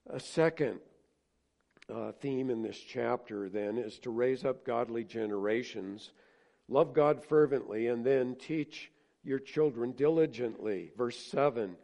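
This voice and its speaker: A male pastor preaching a sermon earnestly, rising to emphatic points and then dropping soft. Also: medium pitch, creaky.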